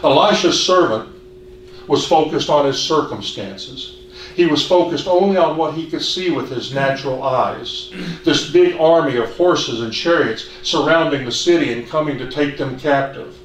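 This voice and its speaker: A man preaching a sermon in an earnest, measured way, asking the congregation questions. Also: on the high side. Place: church hall. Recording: echoey hall, distant mic, faint hiss.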